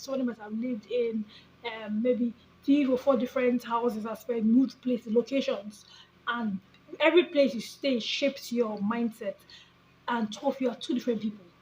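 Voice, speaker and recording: A woman's voice: fairly high pitch, darkish tone, a little hiss or hum, poor audio. A woman, a mother talking casually to her phone camera in a rambling, self-correcting way, full of restarts. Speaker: vlogger, mom of three. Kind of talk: casual talking-head vlog.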